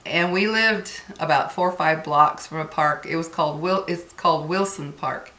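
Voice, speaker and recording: A woman with a fairly low voice tells her viewers a personal story in an earnest, casual way, calling them "guys". Her voice rings with a noticeable room echo. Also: moderate pace, sharp tone. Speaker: vlogger. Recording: echoey room.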